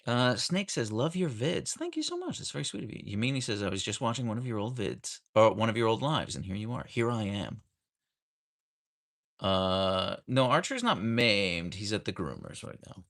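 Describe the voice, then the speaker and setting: An American man hosts a casual livestream from home on a rainy day, greeting viewers by name and reading their comments aloud. His lowish voice is creaky and a bit bright, with lively intonation at normal speed. He's recorded by a camera on a tripod.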